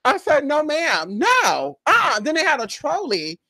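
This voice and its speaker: A woman telling a rambling, animated story to her viewers, cursing freely and acting out her own reactions with loud exclamations. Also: high-pitched, unhurried, creaky, no room sound. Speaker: spiritual vlogger.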